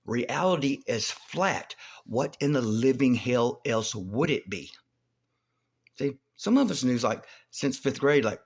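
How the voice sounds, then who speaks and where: A man talking alone to the camera in a rambling monologue, halting with many restarts and swearing, growing loud and heated. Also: mid-range voice, husky. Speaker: video host.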